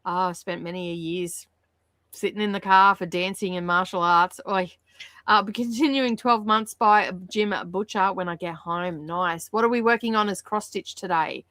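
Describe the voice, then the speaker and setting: A woman's voice: mid-range voice, moderate pace, a bit bright, dry recording, studio quality. A woman hosting a casual reading livestream, chatty and laughing often, with lots of fillers. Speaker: livestream host. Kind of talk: casual chat with viewers.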